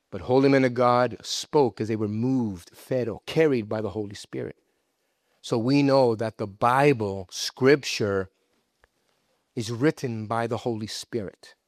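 A man preaching a sermon as pastor, lively and conversational, acting out quoted voices and dropping casual asides. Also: mid-range voice, no echo, studio quality. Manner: animated preaching, acts out God's voice in quotes; loose, conversational asides and restarts.

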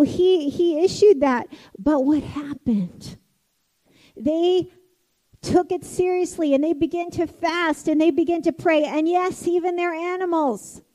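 A woman preaching a sermon, impassioned, swinging from loud declarations to hushed, intimate passages. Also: high voice, low-quality recording.

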